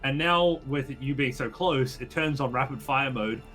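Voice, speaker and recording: A man narrating a tabletop game as game master, hesitant and often pausing with fillers. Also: mid-range voice, sharp tone, soft background music. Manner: hesitant, full of ums.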